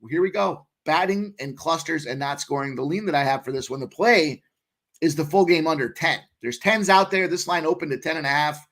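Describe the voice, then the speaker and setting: Brash high-voiced betting co-host. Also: male voice, fairly quick, a bit bright. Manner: brash, profane, hyped and boastful. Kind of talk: casual sports betting chat.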